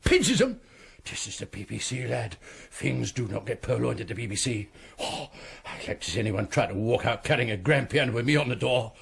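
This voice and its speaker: An actor playing a bossy, officious commissionaire sergeant in a radio comedy. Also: male voice, medium pitch, brisk, creaky, breathy edge. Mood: pompous. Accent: former Cockney, now put-on posh. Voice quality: pompous, officious. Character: bossy, fussy male commissionaire sergeant, middle-aged.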